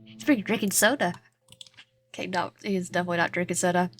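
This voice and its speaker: A woman's voice: fairly low pitch, steady tone, quick pace, fairly bright tone. A woman reading a dating game's narration aloud with casual asides, often stumbling and correcting herself. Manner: stumbling, frequent self-corrections.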